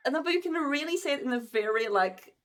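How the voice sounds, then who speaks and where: A woman's voice: high voice, expressive, fast talker, crowd noise. A woman co-hosting a gaming news show in casual chat, bubbly and chatty, laughing often and using many fillers.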